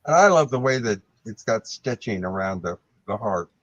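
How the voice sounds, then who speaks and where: A man's voice: on the low side, animated, normal speed, dry recording. A man co-hosting a live online vintage sale, describing items appreciatively. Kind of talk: live online sales auction. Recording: dull, dry lo-fi sound.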